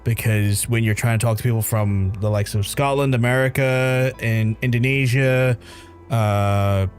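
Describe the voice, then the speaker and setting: A man in his thirties speaks with a Belfast accent whose harder edges have been worn down. He talks through a live stream in a loose, rambling way, reading out chat and swearing freely. His voice sits at a middling pitch over faint background music. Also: steady tone, unhurried. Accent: softened Belfast. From Northern Ireland.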